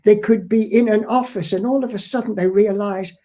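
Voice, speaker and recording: A man's voice: sits high, steady tone, brisk, mellow. An older man giving down-to-earth business advice in a chatty instructional talk, often repeating his words. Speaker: import-export trade advisor.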